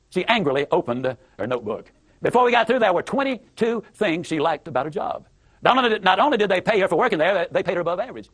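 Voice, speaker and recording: A man delivering a motivational story to a crowd in a folksy, emphatic manner. His voice sits high for a man, and he talks quickly, stacking up repeated words for emphasis. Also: big pitch swings, slightly rough. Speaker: motivational speaker.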